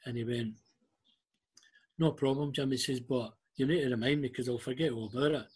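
A man's voice: medium pitch, steady tone, fairly quick, a little mellow, slightly rough. An older man with a Scottish accent tells anecdotes in a casual interview and acts out the voices of the people in his stories. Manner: anecdotal, acts out quoted dialogue. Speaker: guest, former club liaison officer.

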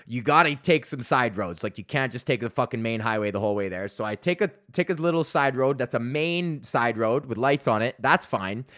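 A man's voice: medium pitch, a bit bright. A man in his thirties from Canada, hosting a podcast and telling a rambling, profane story in casual chat. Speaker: podcast host and comedian.

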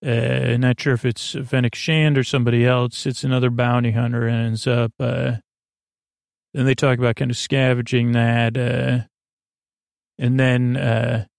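Gravelly man, flat delivery, halting casual recap host, lots of "uh"s, dry close mic. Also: medium pitch, no room sound. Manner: halting, many fillers and restarts. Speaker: podcast host.

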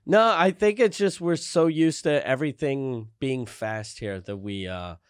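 A man's voice: mid-range voice, unhurried, smooth, no room sound, clean studio sound. A man talking as a guest in a casual podcast chat, loose and profane.

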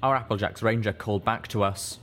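Male audiobook narrator: deep, steady and measured, with faint guitar behind. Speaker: audiobook reader.

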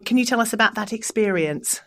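A woman's voice: a little high, lively intonation, a little fast, a bit bright. Teasing Australian-born woman host. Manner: teasing, frank, swears casually. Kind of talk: casual interview chat.

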